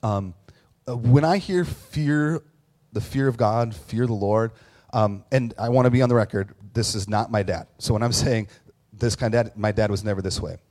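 A man's voice: on the low side, normal speed, darkish tone. Candid storytelling male pastor. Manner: candid, self-deprecating, storytelling with many fillers and restarts. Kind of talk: conversational sermon. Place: church with online audience.

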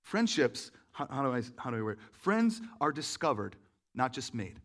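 A man's voice: mid-range voice, big pitch swings, normal speed, fairly bright tone. A man preaching a conversational sermon, talking casually with many fillers and asking the audience questions. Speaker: pastor.

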